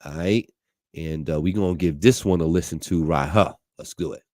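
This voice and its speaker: A man's voice: rumbling low, normal speed, a little mellow, no room sound, studio quality. A man hosting a radio show, chatting casually and introducing songs in a laid-back way. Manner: laid-back, chatty, peppered with "you know what I'm saying".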